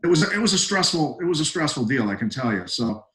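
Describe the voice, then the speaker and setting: A middle-aged man, a retired fighter, telling stories as a podcast guest in a blunt, emphatic, animated way. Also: on the high side, fast talker, poor audio. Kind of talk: casual podcast storytelling.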